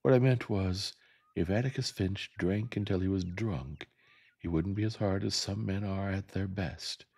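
A man reading the part of a sharp-tongued older Southern woman neighbor in a gentle audiobook reading, with a dry, firm, plain-spoken delivery. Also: low-pitched, unhurried, husky, pitched above the performer's own voice, full character voice.

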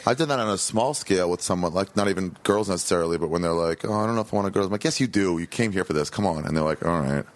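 A man's voice: deep voice, very fast, few pauses. A man hosting a podcast, asking blunt, probing questions in casual conversation. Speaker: podcast host.

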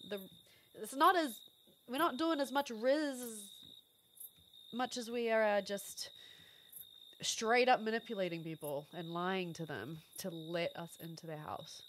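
A woman's voice: mid-range voice, a little hiss or hum. A young woman streaming a game, chatting casually to her viewers and laughing often. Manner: animated, laughs often, talks to chat. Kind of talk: casual gameplay commentary.

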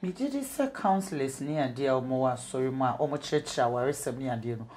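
A woman's voice: extremely low pitch, expressive, brisk, warm tone, a little hiss or hum. A woman from Ghana hosting a casual talk show, dropping in short agreeing murmurs and laughing easily. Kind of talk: casual studio chat.

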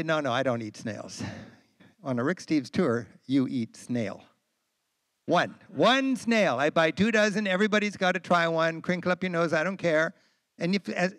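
An American man in his sixties, speaking as a travel writer at a talk event, telling travel stories with animated enthusiasm and frequent fillers. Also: a little high, no echo, clean studio sound. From United States. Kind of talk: storytelling talk to an audience. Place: lecture event.

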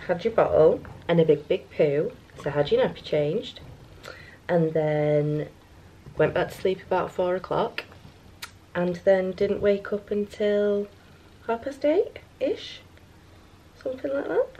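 Slow-talking mum, low voice. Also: female voice, dark tone, dull audio, a little hiss or hum. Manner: chatty, slips into sing-song baby talk. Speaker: vlogger and new mother. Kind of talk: casual home vlog.

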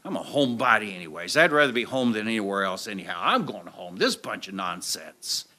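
Male preacher, lively storyteller, bright and tense tone, wide-ranging pitch, acts out the scenes. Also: brisk. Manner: animated storyteller acting out scenes. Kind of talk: storytelling sermon. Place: church sanctuary with audience. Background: audience laughter.

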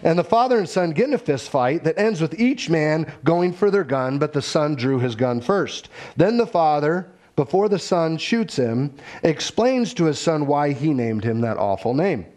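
A man's voice: a little high, expressive, moderate pace, few pauses, darkish tone. Man, pastor, sermon, earnest, conversational, storytelling.

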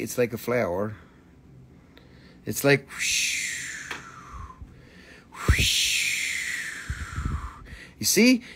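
A man's voice: a little high, fairly bright tone, a little hiss or hum. A man hosting a live stream to sell minerals, joking around and swearing a lot as he chats. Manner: joking, goofy, swears often. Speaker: host selling minerals on a livestream. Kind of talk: live sales stream, playful chat.

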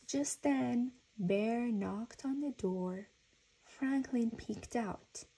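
A woman reading a children's storybook aloud in a gentle, even storytelling manner. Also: on the high side, very slow, slight background noise, poor audio. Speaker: reader.

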